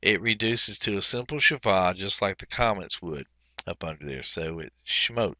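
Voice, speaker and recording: A man teaching a Biblical Hebrew workbook lesson, explaining methodically step by step and pausing often with fillers. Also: sits low, lively intonation, pushed and bright, a little hiss or hum. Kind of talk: recorded workbook walkthrough lesson.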